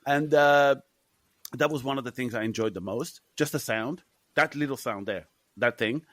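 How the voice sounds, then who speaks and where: A man's voice: medium pitch, normal speed, a bit bright, no echo. A man co-hosting a film podcast, talking animatedly with lots of swearing and laughter. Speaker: podcast co-host. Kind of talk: casual film chat.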